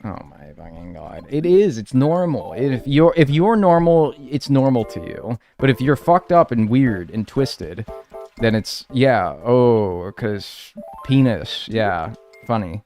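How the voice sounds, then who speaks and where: A man's voice: medium pitch, big pitch swings, takes it slowly, mellow, faint music behind. A young man streaming a game live, talking to his viewers with playful mock outrage and a lot of swearing.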